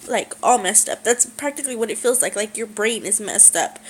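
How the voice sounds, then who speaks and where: A young woman speaking in a halting personal vlog, with many pauses and fillers, close to tears. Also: fairly high pitch, slight background noise, low-quality recording. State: tearful. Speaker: vlogger.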